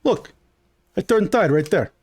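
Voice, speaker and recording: A man playing a cocky, tattooed enchanter running a shop, his voice pushed high. He talks in broken, foreign-sounding phrases and brushes off complaints. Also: animated, a little slow, darkish tone, breathy edge, full character voice.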